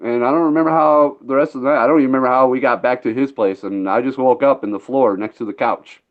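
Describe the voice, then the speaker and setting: A man's voice: mid-range voice, quick pace. Laid-back rambling male storyteller, lo-fi. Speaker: podcast host. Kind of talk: casual storytelling chat.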